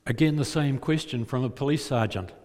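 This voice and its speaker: Here a male preacher with a mid-range, darkish voice talks fairly quickly, storytelling from the gospel in vivid terms. He keeps asking his listeners rhetorical questions, and a long hall reverb surrounds the sound.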